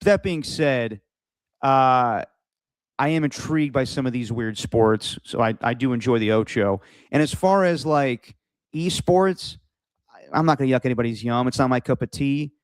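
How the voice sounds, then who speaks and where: A man's voice: mid-range voice, moderate pace, clean tone, no room sound. Rambling, casual sports podcast guy. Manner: rambling, lots of "like" and restarts. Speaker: podcast co-host.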